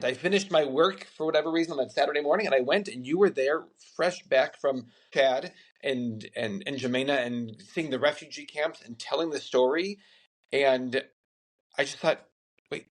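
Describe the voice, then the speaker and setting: A man's voice: medium pitch, moderate pace. Candid man telling his own story. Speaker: podcast host. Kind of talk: casual interview conversation.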